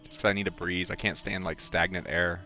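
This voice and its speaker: A man with a head cold chats loosely to his stream as he plays, candid and salty. His low voice still has a bright edge. The mic sounds a little dull. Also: level tone, fairly quick, faint music behind. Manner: rambling, candid, swears freely. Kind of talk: casual gaming chatter.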